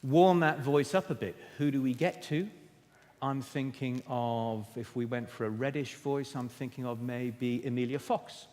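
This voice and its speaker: A man's voice: mid-range voice, unhurried, darkish tone. A man giving a motivational keynote on stage, emphatic and theatrical, speaking straight to his audience. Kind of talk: keynote talk. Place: stage in a conference hall. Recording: echoey hall.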